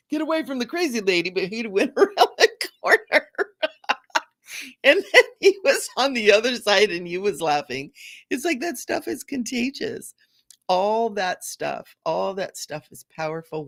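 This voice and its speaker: A woman's voice: medium pitch, dry recording, clean studio sound. Bubbly woman hosting a spiritual livestream. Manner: bubbly, laughs often, repeats phrases warmly. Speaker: spiritual talk show host. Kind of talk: casual livestream chat.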